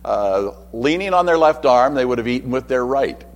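A man's voice: mid-range voice, animated, normal speed, long reverb tail. A man preaching a sermon in a conversational way, with asides and acted-out quotes.

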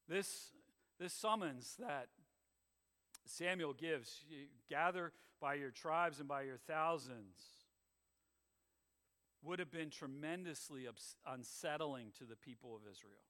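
Bright, high-voiced man preaching in a hall. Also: takes it slowly. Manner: emphatic, rising and falling preaching cadence. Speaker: pastor. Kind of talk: sermon.

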